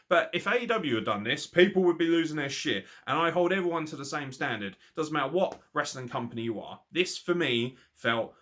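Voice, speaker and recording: A man reviewing a wrestling show in casual, blunt commentary, swearing freely and often breaking into laughs. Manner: animated, with big swings in pitch.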